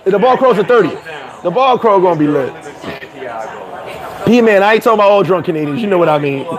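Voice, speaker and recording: A man hosting a casual livestream, laughing often, talking in slang and giving shout-outs to viewers. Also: sits high, expressive, brisk, rough recording. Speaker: livestream host. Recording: crowd chatter behind.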